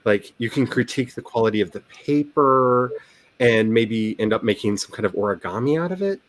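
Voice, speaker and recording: A man's voice: mid-range voice, expressive, brisk, no echo. A man hosting a writing livestream, chatting casually in a rambling, joking, self-deprecating way. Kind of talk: casual chat.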